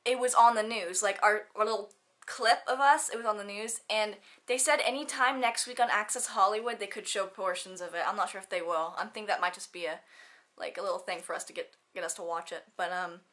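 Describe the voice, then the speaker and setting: A woman's voice: mid-range voice, a little fast, a bit bright. A teenage girl chatting casually in a vlog, bubbly and giggly, with lots of fillers and quoted asides. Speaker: student vlogger.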